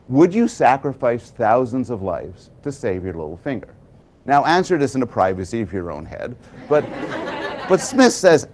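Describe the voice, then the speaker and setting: A man giving a prepared public talk, telling a story with animated delivery and dramatic pauses. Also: mid-range voice. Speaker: public speaker.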